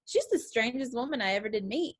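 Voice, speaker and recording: A woman's voice: a little high, animated, fast, slightly rough. An actress with a Southern US accent playing a bubbly, chatty young Southern girl who giggles and rambles on politely. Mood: apologetic. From New Orleans, US South. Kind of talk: stage play acting.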